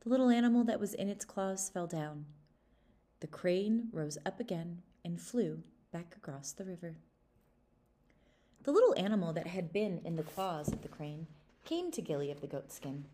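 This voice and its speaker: Children's storyteller, woman, low and very animated. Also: moderate pace. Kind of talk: reading a fairy tale to children.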